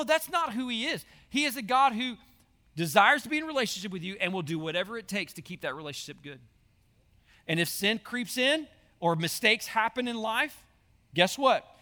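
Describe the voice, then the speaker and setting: A man, a high school pastor, preaching an earnest sermon that repeats its key lines. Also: expressive, normal speed, sharp tone, big-room sound. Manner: earnest, repetitive preaching, addresses listeners as y'all.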